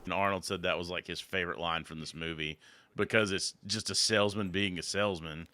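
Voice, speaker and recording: A man's voice: sits low, steady tone, brisk, pushed and bright, slight background noise. A man co-hosting a podcast, thinking aloud casually about a film's ideas. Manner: musing, thinks aloud with fillers and backchannels. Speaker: podcast co-host. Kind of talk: casual film chat.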